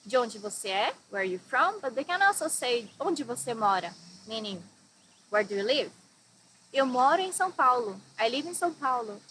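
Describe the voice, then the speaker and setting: High bright Brazilian teacher, echoey room. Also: female voice, slight background noise. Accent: Brazilian Portuguese. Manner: slows down to spell out phrases and repeats them. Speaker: Portuguese teacher. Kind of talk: bright lesson presentation.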